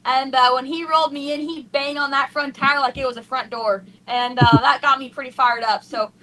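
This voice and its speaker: Young woman, high voice, bright and forceful, tearful, gushing, faint ambience behind. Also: normal speed, slight background noise, poor audio. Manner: excited, gushing, breathless with emotion. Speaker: drag racing driver. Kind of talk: emotional post-race interview.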